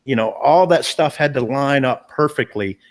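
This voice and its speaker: A man's voice: mid-range voice, moderate pace. A man, a paranormal investigator, telling a story in a casual live-stream chat, earnest and emphatic, often repeating himself and restarting sentences.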